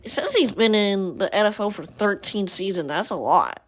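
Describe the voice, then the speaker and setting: A woman hosting a casual podcast, thinking out loud with rambling asides. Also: medium pitch, animated, normal speed. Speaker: podcast host. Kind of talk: casual chat.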